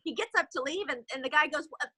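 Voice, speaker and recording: A woman sales director telling a motivational story in an animated way, with fillers, on a video call. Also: high voice, fast, no echo, poor audio.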